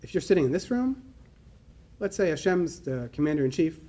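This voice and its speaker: Fast-talking New man telling a story. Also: on the high side, a little hiss or hum. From New York. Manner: animated storyteller acting out dialogue. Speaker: conference speaker. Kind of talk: personal story told to an audience. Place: conference hall.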